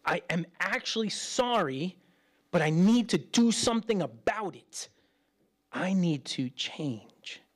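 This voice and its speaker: A middle-aged man preaching as a pastor in a chatty way, acting out quoted voices and swinging between loud and hushed. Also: high voice, animated, takes it slowly. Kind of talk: sermon.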